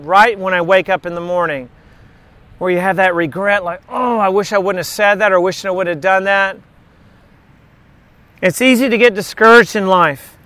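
High-voiced middle-aged man preaching casually. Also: pushed and bright, smooth, no echo. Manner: conversational, repeats key words, tells jokes. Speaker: Bible study leader. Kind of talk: informal sermon.

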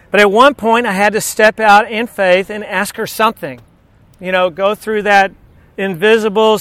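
A man's voice: sits high, bright, forceful tone, smooth, no room sound. A man preaching a sermon, telling stories and asking the audience questions. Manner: storytelling, asks the audience questions.

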